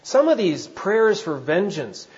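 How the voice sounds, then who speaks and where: Preaching at a slow pace, this pastor sounds very animated, with a darkish tone in a voice pitched somewhat high for a man. His sermon feels like a conversation, full of questions aimed at the listeners, captured on a dull, lo-fi recording.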